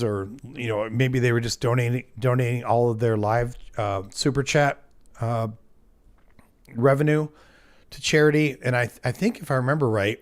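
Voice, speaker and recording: Rambling American man on a livestream. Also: medium pitch. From United States. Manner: rambling and self-mocking, many fillers and restarts. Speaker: livestream host. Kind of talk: casual livestream chat.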